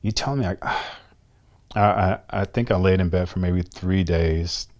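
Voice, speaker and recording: A middle-aged man, a guest in an interview, telling his story with animated energy, acting out conversations and often repeating words as he restarts. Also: low-pitched, measured pace. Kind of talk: candid storytelling in a long-form interview.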